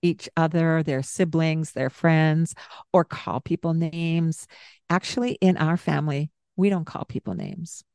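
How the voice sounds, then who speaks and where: A woman co-hosting a parenting podcast, talking in a calm, gentle way and explaining with examples. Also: low voice, a little slow, vocal fry, clean tone, dry recording, studio quality. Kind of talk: casual podcast advice.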